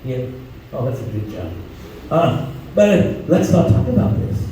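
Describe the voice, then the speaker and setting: A high, mellow-voiced man works a crude stand-up set, acting out the people in his stories. He sounds far from the mic in a very echoey club, with faint room noise behind him. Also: sing-song, unhurried. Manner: crude, storytelling, acts out voices. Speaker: stand-up comedian. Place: comedy club stage, audience laughing.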